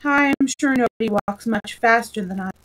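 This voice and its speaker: A sullen, fidgety messenger to a storybook king, his voice pitched up and pushed loud, as a woman reading aloud puts him on. He grumbles in one breath and blurts out in the next. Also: normal speed, close to an everyday voice, low-quality recording. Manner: sullen, then loud and sudden.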